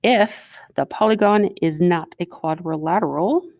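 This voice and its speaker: A woman's voice: fairly low pitch, measured pace, a little mellow, no room sound, clean studio sound. A woman teacher talking students through a recorded math lesson, chatting and asking them questions as she writes. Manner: chatty, asks students questions while writing.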